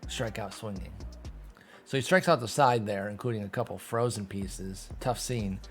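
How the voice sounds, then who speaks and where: A man giving casual play-by-play commentary over a sim baseball game, calling out results quickly and joking. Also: lowish voice, faint music behind. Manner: animated, quick call-outs, self-deprecating laughs. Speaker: gaming YouTuber.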